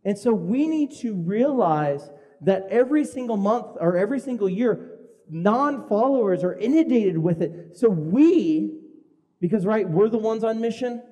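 A man's voice: high-pitched, expressive, measured pace, dark tone, long reverb tail. A male pastor preaching a sermon in an earnest way, often repeating words as he restarts.

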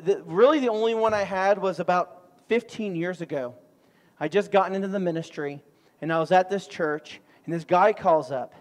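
A middle-aged man preaching a sermon, telling stories in an animated way with sudden loud outbursts. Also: high voice. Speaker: pastor. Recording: long hall reverb.

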